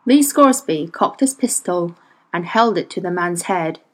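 A woman reading a novel aloud as audiobook narrator, measured and expressive. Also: on the low side, poor audio. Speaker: audiobook reader. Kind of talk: scripted narration.

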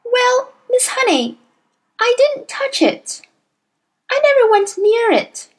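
A woman's voice: extremely high pitch, sing-song, takes it slowly, pitched above the performer's own voice, heavily acted. A woman reading a storybook aloud, voicing an earnest little schoolgirl with eager, pleading urgency.

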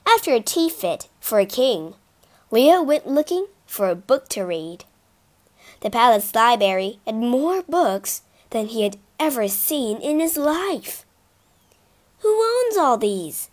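A woman narrating a children's storybook in an expressive, sing-song read-aloud manner. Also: fairly high pitch, unhurried.

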